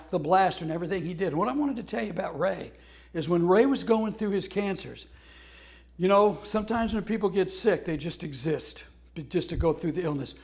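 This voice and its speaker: A man's voice: on the high side, gravelly. A man, a humor speaker, telling heartfelt stories about a friend and laughing through them. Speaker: humor speaker teaching a class. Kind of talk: storytelling tribute talk.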